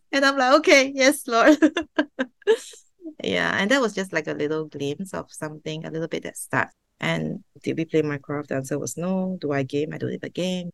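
Brief: low-pitched woman, dry close recording, earnest heartfelt testimony as a podcast guest. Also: gravelly, no room sound. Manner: emotional, heartfelt, sometimes laughing and tearful. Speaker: interview guest, server founder. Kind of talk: personal testimony.

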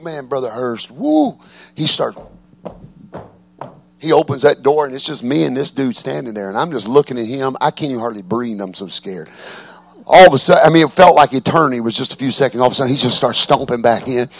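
Man, pastor delivering an animated, shouting sermon; gravelly fry, dry close mic. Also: medium pitch, fairly quick, no room sound. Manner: animated storytelling preacher, rising to fervent shouts.

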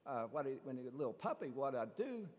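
Animated priest preaching in a reverberant church. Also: male voice, medium pitch, fast talker. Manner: animated, conversational preaching with rhetorical questions. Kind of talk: sermon.

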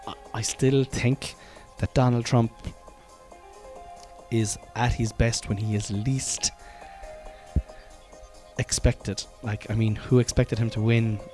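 Slow and frequently pausing, a warm mid-range voice with a steady tone carries this rambling podcast monologue over soft background music. The speaker is a comedian in his thirties with a Cork Irish accent, loose, chatty and self-deprecating, with lots of fillers and restarts.

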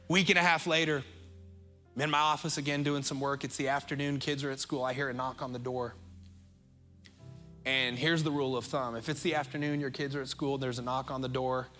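A middle-aged American pastor delivers a heartfelt sermon, his voice bright and forward. He is earnest and emotional, easing off to a slow, quiet delivery on the lines that matter most. Soft music plays faintly under him. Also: medium pitch, fairly even intonation. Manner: emotional, earnest, speeds up and slows down for emphasis.

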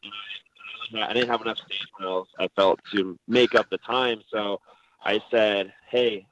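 A man's voice: fairly low pitch, steady tone, unhurried, a bit bright, no echo, rough recording. A man who races rally cars, telling stories in a rambling, self-deprecating way during a casual interview. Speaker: rally driver.

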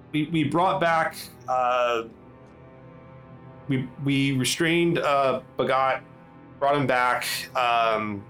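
A man running a tabletop role-playing game as game master, narrating in a halting way full of fillers and restarts. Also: mid-range voice, a bit bright.

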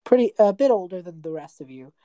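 Low-voiced woman narrating a tabletop game. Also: big pitch swings, fast, mellow, dry recording, poor audio. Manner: casual, rambling narration with fillers. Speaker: game master.

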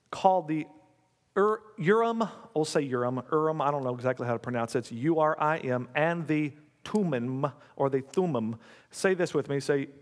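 A man's voice: a little high, big-room sound. A man preaching a sermon in a church, talking conversationally, coaxing the congregation and repeating key lines.

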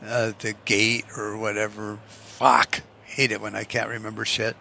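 A man's voice: fairly low pitch, level tone, a little slow, vocal fry, bright, forceful tone, slight background noise. A man giving a rambling, casual monologue, full of swearing and rhetorical what-if questions. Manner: profane, musing, rhetorical what-ifs. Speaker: vlogger.

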